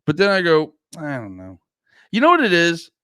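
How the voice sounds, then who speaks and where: A man's voice: on the high side, huge pitch swings, moderate pace, sharp tone, clean tone, no room sound, studio quality. A man in his thirties hosting a livestream, rambling casually with profanity and frequent laughs. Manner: profane, self-mocking, laughs often. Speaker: livestream host.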